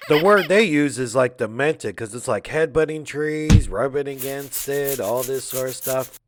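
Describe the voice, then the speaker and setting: A man's voice: mid-range voice, a little slow, noisy background. Laid-back man recapping a movie. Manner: rambling, laid-back, heavy on filler words.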